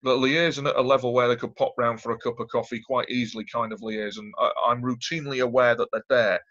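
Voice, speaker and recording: A man's voice: mid-range voice, steady tone, fast, a bit bright, lo-fi sound. A man, a guest telling a long story in an interview, earnest and rambling, often repeating himself.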